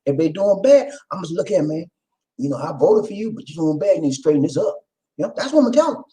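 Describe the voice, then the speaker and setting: A man hosting his own video channel, talking casually straight to his viewers, shouting out names and preaching about community. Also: on the high side, very animated, fast, poor audio. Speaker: vlog host. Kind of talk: casual direct-to-camera chat.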